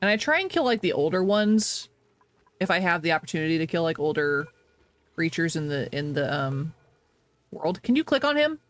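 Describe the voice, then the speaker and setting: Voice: mid-range voice, sing-song, normal speed, fairly bright tone. A game streamer chatting casually to viewers while playing, laughing often and apologizing a lot. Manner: talks to chat, reacting to the game.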